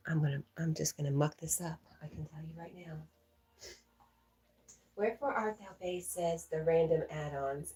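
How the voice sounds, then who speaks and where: A middle-aged woman hosting a livestream from home on a laptop mic. She chats casually, reads viewer comments aloud and laughs often, clearly amused by herself. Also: sits low, darkish tone, low-quality recording. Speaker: livestream host.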